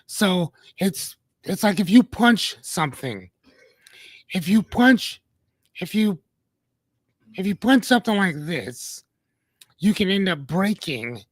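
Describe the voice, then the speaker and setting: A man's voice: high voice, fairly bright tone, dry recording. A man hosting a casual livestream, chatting playfully with viewers in a rambling way and greeting them by name. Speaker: livestream host.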